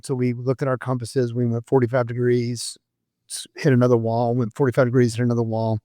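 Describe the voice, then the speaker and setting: A man's voice: mid-range voice, darkish tone, no echo, studio quality. A man in his fifties, a retired sheriff's deputy, telling rambling stories in a casual interview and laughing at himself. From Florida, USA.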